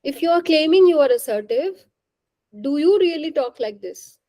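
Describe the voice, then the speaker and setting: High-pitched, mellow-toned woman, leading workshop, questioning manner. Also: expressive, normal speed, no room sound, rough recording. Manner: questioning, coaching the audience. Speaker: workshop trainer. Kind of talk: interactive faculty workshop talk.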